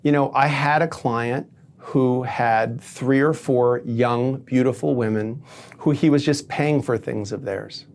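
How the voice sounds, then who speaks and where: A man with a New York accent, speaking as an attorney guest in a conversational podcast discussion. He tells animated stories with a sarcastic edge. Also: medium pitch, unhurried. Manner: animated, sarcastic storyteller who acts out quotes.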